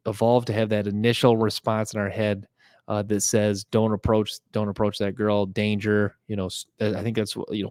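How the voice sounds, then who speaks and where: A young man hosts a podcast in a fairly low, somewhat mellow voice, recorded with no room sound. He rambles casually through a monologue full of fillers and restarts.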